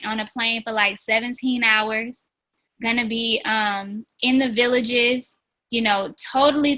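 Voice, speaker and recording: A woman's voice: on the high side, pushed and bright, poor audio. A woman leading a team call, giving an earnest, chatty motivational talk with plenty of "um" and "like", calling listeners "y'all". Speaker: team leader on a business team call.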